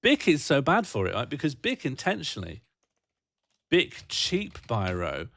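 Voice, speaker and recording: Lively British man rambling on stream. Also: medium pitch, unhurried, gravelly, no room sound, studio quality. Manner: rambling, jokey and self-mocking. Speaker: livestream host. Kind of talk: casual chat reading viewer comments.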